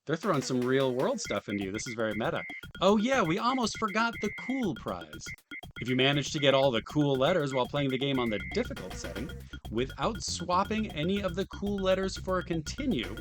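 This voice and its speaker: A man of middle pitch reads a video game manual aloud on a live stream. He reads the text with playful mock-enthusiasm, then drops into dry, muttered asides. Clear music plays behind his voice.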